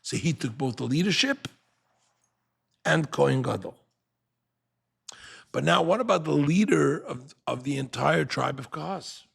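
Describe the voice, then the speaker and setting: An older man teaching a Torah class, animated and fond of rhetorical questions, who acts out the people he quotes. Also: fairly high pitch, measured pace, creaky, long pauses, slightly rough.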